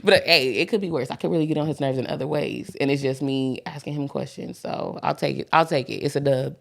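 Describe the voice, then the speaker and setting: Chatty woman in her thirties, gravelly. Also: extremely low pitch, fast. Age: 30s. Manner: chatty, rambling, many "like" fillers; animated storyteller who acts out quotes. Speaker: podcast co-host. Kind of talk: casual chat.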